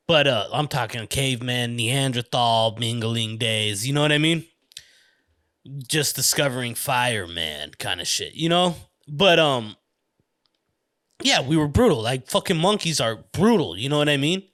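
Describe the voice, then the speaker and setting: A man's voice: medium pitch, lively intonation, a little slow, a bit bright, no room sound, studio quality. A man with a US East Coast accent hosting a podcast alone, rambling in a loose, profane, casual monologue and often breaking into laughter. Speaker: podcast host.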